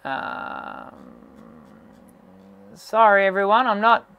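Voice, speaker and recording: A man's voice: high voice, fairly even intonation, very slow, smooth, highs cut off. Man with a strained, recovering voice. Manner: explanatory, full of fillers and restarts. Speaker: voice teacher. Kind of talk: live online Q&A.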